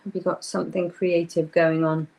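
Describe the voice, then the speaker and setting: A woman's voice: on the low side, level tone, moderate pace, darkish tone. Chatty woman hosting a live craft stream. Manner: chatty, greets viewers by name, thinks aloud. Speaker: craft workshop host. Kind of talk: casual live-stream chat while crafting.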